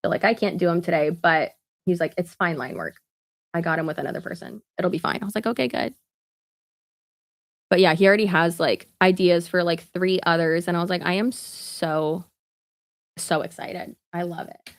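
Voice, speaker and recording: Chatty woman live-streaming. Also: fairly low pitch. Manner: chatty, quick asides with laughs and fillers. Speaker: vlogger. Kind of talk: casual live-stream chat.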